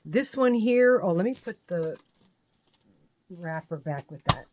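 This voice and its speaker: A woman's voice: lowish voice, lively intonation, a little slow, background noise. A woman hosting her crochet channel, chatting casually as she shows and explains her handmade sweaters, rambling and correcting herself with small laughs. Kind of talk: casual show-and-tell crochet talk.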